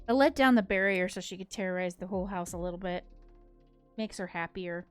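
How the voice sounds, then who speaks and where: A woman's voice: fairly low pitch, fairly quick, clean tone, soft background music. A woman streaming a game, commenting casually and getting emotional as she reads the game's text. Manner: emotional, laughs through tears while reading game text.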